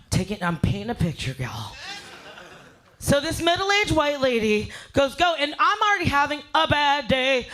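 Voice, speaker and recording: A woman doing a stand-up comedy set, brash and profane, telling a story with loud voiced asides. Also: high voice, big pitch swings, measured pace. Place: live fundraiser show.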